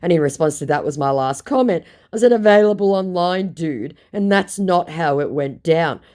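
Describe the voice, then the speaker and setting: A woman's voice: deep voice, expressive, normal speed, darkish tone. An Australian woman reading out her chats with scammers in a sarcastic, casual narration. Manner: sarcastic, reads both sides of chats aloud.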